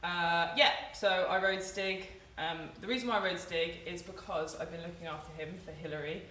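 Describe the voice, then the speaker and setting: A woman's voice: on the low side, fairly even intonation, normal speed, sharp tone, slight background noise. A woman vlogging casually at a horse yard, chatting fondly to the animals. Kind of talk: casual vlog chat. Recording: background music playing.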